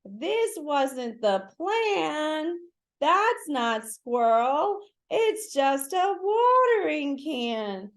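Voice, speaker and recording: A woman voicing an eager young boy hero in a storybook reading, exclaiming in a high, bright voice. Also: lively intonation, slow. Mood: let down.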